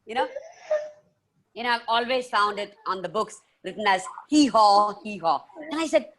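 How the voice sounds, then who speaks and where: A woman telling stories to children on a video call, playful and animated, full of sound effects. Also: medium pitch, moderate pace. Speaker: children's storyteller and author. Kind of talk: live storytelling session for children.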